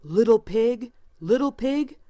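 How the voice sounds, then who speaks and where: A woman voicing a big bad male wolf who roars slow, drawn-out threats in a storybook reading. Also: on the high side, lively intonation, mellow, no room sound, studio quality. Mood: roaring, demanding.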